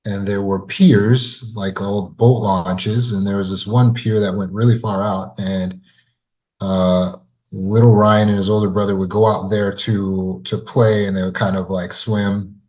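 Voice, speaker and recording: Trauma recovery coach, male, low-pitched, earnest; speaks straight to the listener. Muffled lo-fi audio. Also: flat delivery, a little slow, darkish tone. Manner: earnest, addresses listener directly with rhetorical questions. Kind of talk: storytelling lesson to camera. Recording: dull lo-fi sound.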